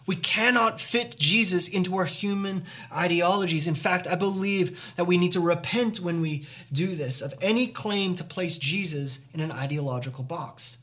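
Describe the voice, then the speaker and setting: High-voiced man preaching emphatically. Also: normal speed, few pauses, fairly bright tone. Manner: earnest, emphatic preaching with rhetorical questions. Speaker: pastor. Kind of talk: sermon.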